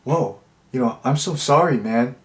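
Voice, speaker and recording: A man's voice: medium pitch, a little slow, close to an everyday voice. A man voicing a macho, aggressive young frat bro who talks bluntly and crudely. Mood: sincere apology.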